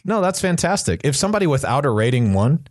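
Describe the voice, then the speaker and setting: A man's voice: fairly high pitch, very animated, quick pace, no room sound, studio quality. A man co-hosting a podcast, answering listener questions in a rambling casual chat with many restarts. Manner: rambling, with frequent restarts and fillers. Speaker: podcast co-host.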